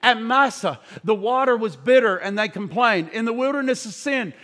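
A man's voice: extremely high pitch, lively intonation, normal speed, a bit bright. A man preaching a sermon, fervent, pressing the congregation with questions. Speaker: pastor. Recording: long hall reverb.

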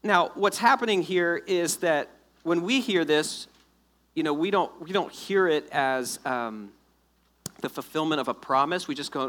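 A man preaching a sermon to his congregation, explaining scripture in a lively, joking way and acting out the people in the story. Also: on the high side, unhurried. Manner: animated, jokey storytelling with acted-out asides. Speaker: pastor.

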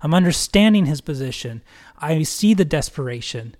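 A man's voice: a little high, lively intonation, moderate pace, a little mellow. A man co-hosting a podcast, talking in an earnest, reflective way in casual chat. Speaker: podcast co-host.

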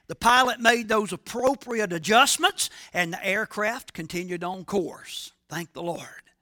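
High-voiced, slow-preaching male pastor. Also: bright, forceful tone. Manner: emphatic, asks the congregation questions. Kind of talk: sermon.

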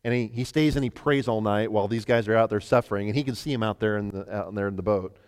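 A man preaching a sermon, animated, acting out scripture voices and dropping to near whispers. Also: on the low side, fast, smooth. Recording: long hall reverb.

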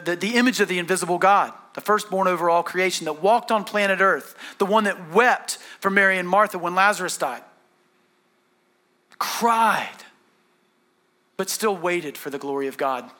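A man preaching a sermon as a pastor, earnest and animated, repeating words for emphasis. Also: sits high, moderate pace.

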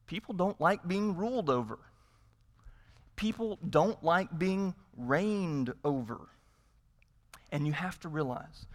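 Emphatic male preacher in a reverberant hall. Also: a little high. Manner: emphatic preaching with repetition and rhetorical questions. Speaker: pastor. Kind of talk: sermon.

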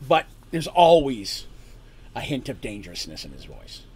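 A man's voice: medium pitch, very animated, normal speed, a little mellow, slightly rough. A man narrating a tabletop story as game master, casual and explanatory, with frequent asides.

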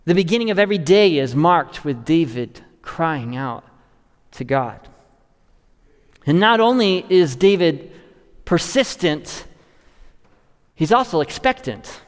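Male pastor, earnest sermon delivery, slightly high voice, long church reverb. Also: animated, takes it slowly, pauses often. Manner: earnest, rising to stress and dropping low to close a thought. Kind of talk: expository sermon.

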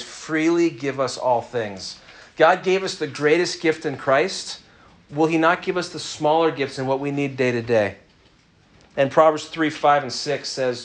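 A man preaching a conversational sermon, joking and asking the audience to raise their hands. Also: a little high. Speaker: pastor.

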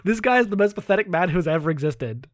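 A man's voice: high voice, expressive, fast, no echo, studio quality. A man co-hosting a podcast in casual chat, swearing freely and laughing often. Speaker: podcast co-host.

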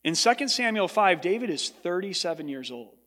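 A man's voice: big pitch swings, fairly quick, a bit bright. A man preaching a sermon as pastor to his congregation, earnest, his voice lifting when he voices what others said. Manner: earnest preaching, rising in pitch for quoted speech. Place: large church hall. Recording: long hall reverb.

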